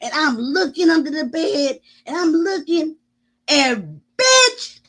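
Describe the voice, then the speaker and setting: A middle-aged woman vlogger, telling a story to her viewers in a loud, profane, animated way with sudden shouts. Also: high voice, normal speed, slight background noise.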